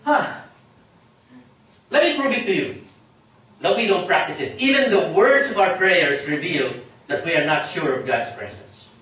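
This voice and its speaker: A Filipino-accented man preaches with a high, lively voice and keeps firing questions at his congregation, now and then mixing in Tagalog. He sounds distant from the mic, and his voice rings through a very echoey hall. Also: normal speed. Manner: animated, questioning the congregation, switching into Tagalog phrases. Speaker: pastor. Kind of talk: sermon.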